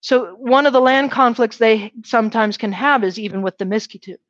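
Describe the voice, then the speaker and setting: A woman's voice: on the high side, a little fast, dry recording. A woman lecturing a university class, often checking in with "right?" and asking the students questions. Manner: lively, poses questions to the class. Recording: dull, dry classroom recording.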